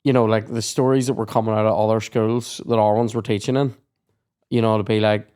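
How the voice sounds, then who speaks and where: A man's voice: on the low side, fairly even intonation, a little fast, clean tone. A young man, hosting a podcast and telling sweary school stories in casual chat. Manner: sweary storytelling, acts out shouted quotes. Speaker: podcast host.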